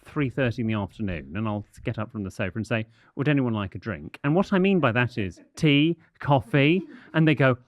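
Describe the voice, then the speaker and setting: A man's voice: mid-range voice, lively intonation, brisk, few pauses, dry recording. An English man co-hosting a casual podcast, reading listener letters aloud in an arch, mock-prim manner. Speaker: podcast co-host.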